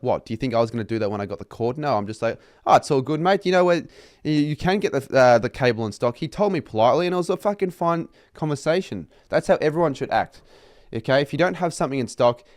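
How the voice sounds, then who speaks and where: A man's voice: mid-range voice, dry recording, clean studio sound. A young man with an Australian accent ranting casually to camera about his retail job, swearing often and exasperated. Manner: sweary, exasperated, mocking customers in put-on voices. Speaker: vlogger.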